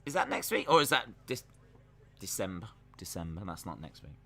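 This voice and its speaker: Young man, live-stream reaction host, casual and jokey, very bright sharp voice. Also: medium pitch, huge pitch swings, quick pace, vocal fry, husky. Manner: chatty, jokey, talks to chat while watching. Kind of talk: casual live reaction commentary, reading chat.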